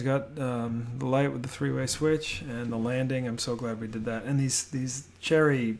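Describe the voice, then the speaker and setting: A man giving a relaxed, rambling voiceover house tour from his home office, with many fillers and restarts. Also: mid-range voice, measured pace, gravelly, hardly any pauses, a little hiss or hum. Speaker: homebuilding vlogger.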